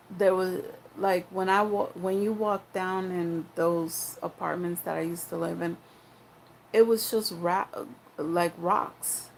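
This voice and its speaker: A woman's voice: on the low side, fairly even intonation, measured pace, creaky, a little hiss or hum, poor audio. A young woman telling a personal story in a frank, rambling, profane way, full of restarts and asides.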